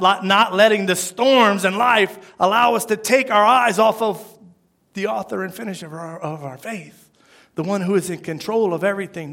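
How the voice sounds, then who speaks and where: A man preaching a sermon as pastor, acting out quoted lines and swinging between loud bursts and hushed asides. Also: sits high.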